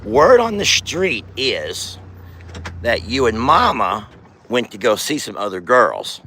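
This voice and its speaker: A man's voice: medium pitch, very animated, slow pace, sharp tone, slight background noise, full character voice. A man voicing a sassy, jealous female longhorn cow while walking around his farm outdoors. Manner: sassy, bossy.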